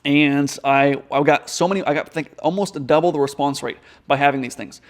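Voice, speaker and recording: Rapid-talking man giving business advice. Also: a little high, fairly even intonation. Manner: rapid, direct, conversational. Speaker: online business coach. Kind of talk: casual advice vlog.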